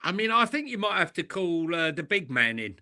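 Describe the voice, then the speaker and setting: A man's voice: high-pitched, very animated, brisk, pushed and bright. A man co-hosting a casual football podcast, chatty and wry. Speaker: podcast co-host.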